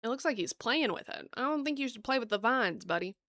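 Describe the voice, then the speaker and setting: A woman with a Southern US accent hosting a casual card-opening video, bubbly and gushing, thinking aloud and laughing softly as she talks to viewers. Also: fairly high pitch, expressive, fast talker, no echo, clean studio sound. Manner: bubbly, gasping and gushing over cute cards. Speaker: card-opening channel host.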